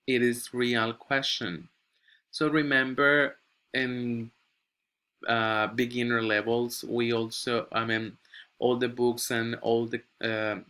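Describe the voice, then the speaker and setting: A man teaching a recorded English grammar lesson, speaking at a slow, deliberate pace. His tone is bright and forceful. He reads example sentences from the book aloud and often checks with his students. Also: medium pitch. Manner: checks in with frequent "okay?".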